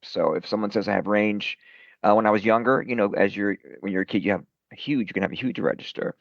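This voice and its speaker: Low gravelly-voiced man, rambling. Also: fast talker, no echo. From Brooklyn, New York. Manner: rambling, self-deprecating, many fillers. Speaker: rock singer, guest. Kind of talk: casual interview chat. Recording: dull lo-fi dry sound.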